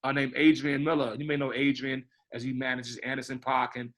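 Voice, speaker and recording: Bright-voiced man director, rambling. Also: mid-range voice, little pitch movement, a little fast. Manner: rambling, repeats words, says "you know what I mean". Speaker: film director interviewed. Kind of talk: casual interview talk.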